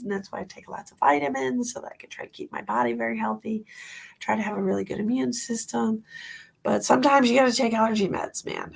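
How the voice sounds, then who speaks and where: A woman's voice: fairly high pitch, gravelly, breathy edge. A woman hosting a psychic livestream, giving tarot readings and chatting casually with viewers, with a stuffy nose from allergies. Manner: chatty, rambling, laughs at herself.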